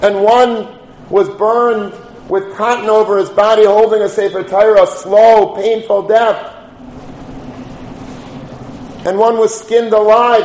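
High-voiced man giving a Torah lecture. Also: moderate pace, a little mellow, reverberant, poor audio. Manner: storytelling, rises to chanting Hebrew liturgy. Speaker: rabbi.

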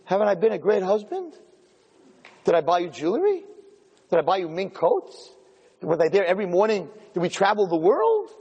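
A man voicing a smooth, selfish husband who coaxes and dismisses his wife's anger. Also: high voice, huge pitch swings, moderate pace, long pauses, a little mellow, lo-fi sound, full character voice. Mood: coaxing. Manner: coaxing, dismissive. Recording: long hall reverb.

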